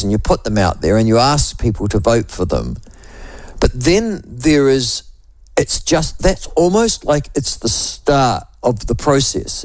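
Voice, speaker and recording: A man in his sixties with a New Zealand accent, hosting a talk radio show with a voice hoarse from a cold, rambling and chatty with many restarts. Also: medium pitch, darkish tone, dry recording. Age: 60s. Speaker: radio host. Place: radio studio.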